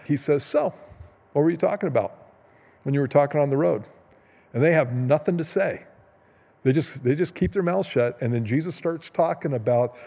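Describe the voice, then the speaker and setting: A man preaching a sermon as pastor, retelling stories in a casual, conversational way with quick asides. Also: a little high, warm tone, long reverb tail. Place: church sanctuary.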